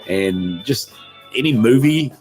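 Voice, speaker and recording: A man's voice: mid-range voice, animated, slow, a little mellow, faint music behind. Rambling middle-aged man chatting. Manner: rambling and self-deprecating, greets chat viewers. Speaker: live stream host. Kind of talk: casual live-stream chat. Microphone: desk microphone.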